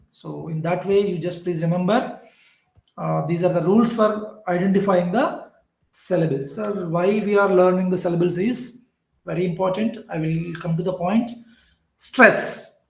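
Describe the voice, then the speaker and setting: A man with an Indian English accent and a high voice gives a classroom lecture on poetry, explaining slowly and repeating example words. The recording is rough and reverberant.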